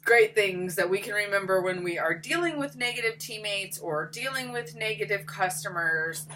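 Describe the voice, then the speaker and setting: A woman's voice: medium pitch, animated, moderate pace, sharp tone, slight background noise. A young woman leading a sales team, talking casually in a chatty, upbeat way with many ums and restarts. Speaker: team leader.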